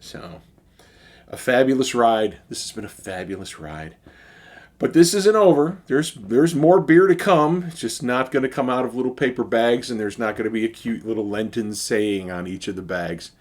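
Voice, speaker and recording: Man, Chicago accent, middle-aged, relaxed beer review vlog, easygoing with fillers, mid-range pitch. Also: moderate pace. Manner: relaxed and chatty, with fillers and sighs.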